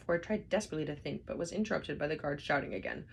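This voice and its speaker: A woman reading a novel aloud with expressive storybook narration. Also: low-pitched, very fast, gravelly, husky. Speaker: reader.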